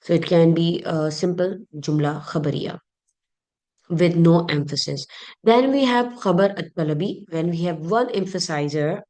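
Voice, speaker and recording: A woman with a low, deep voice reviews a lesson, walking through terms one at a time. Her explanations are patient and methodical, dotted with pauses and fillers. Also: dark tone. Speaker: Arabic rhetoric teacher.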